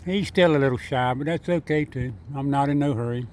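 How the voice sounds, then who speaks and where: A man chatting and coaxing a squirrel in his front yard, repeating himself in a relaxed, chuckling way. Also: medium pitch, fairly quick, a little hiss or hum. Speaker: vlogger feeding a squirrel. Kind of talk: casual talk to an animal.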